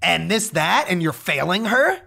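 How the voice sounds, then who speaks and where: A young man streaming, telling a story in a casual, profane, animated way. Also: high-pitched, unhurried, gravelly. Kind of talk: casual chat.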